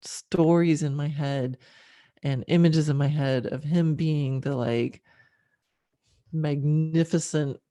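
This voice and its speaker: A middle-aged woman hosting a podcast, telling a personal story candidly and emotionally, with frequent fillers and soft laughs. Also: sits low, steady tone, slow pace, dry recording. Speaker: podcast host.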